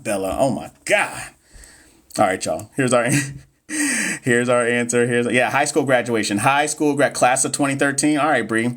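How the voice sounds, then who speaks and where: Chatty man in his thirties tutoring live. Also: mid-range voice. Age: 30s. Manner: chatty, joking, reads questions aloud to the chat. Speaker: nursing exam tutor on a livestream. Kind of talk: casual livestream teaching.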